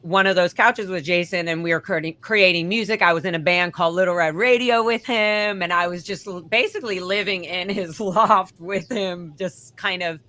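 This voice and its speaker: This is a woman who talks in a bright, forceful voice and sits a little low in pitch. She rambles through her story on a casual live stream, swears freely and keeps restarting her sentences. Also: moderate pace, hardly any pauses. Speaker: guest.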